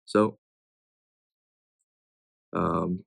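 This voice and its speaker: A man's voice: low voice, fairly even intonation, very slow, gravelly, no room sound. A young man tutoring test questions in a casual way, reading each answer choice and thinking aloud as he rules it in or out.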